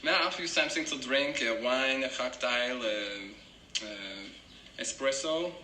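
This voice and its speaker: A man's voice: medium pitch, unhurried, sharp tone, slight background noise. An actor playing a flamboyant male art gallery clerk, talking in a made-up foreign accent with formal, mangled English. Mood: prim, fussy. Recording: roomy film soundtrack with ambience.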